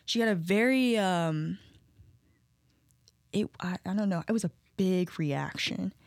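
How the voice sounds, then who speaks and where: Young woman dishing celeb gossip, lowish voice, dry close sound, animated and chatty. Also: unhurried, vocal fry, no room sound. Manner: animated storytelling, quotes others, laughs often. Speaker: co-host. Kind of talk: casual gossip chat.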